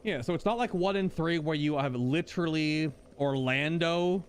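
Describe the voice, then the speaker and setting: A man hosting a casual gameplay commentary, thinking out loud and bursting into exclamations. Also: on the high side, animated, moderate pace, hardly any pauses, a little hiss or hum. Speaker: gaming host.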